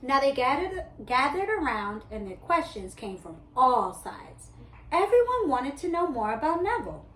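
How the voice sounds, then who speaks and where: A woman reading a children's story aloud, expressive and animated. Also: sits high, normal speed. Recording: roomy echo.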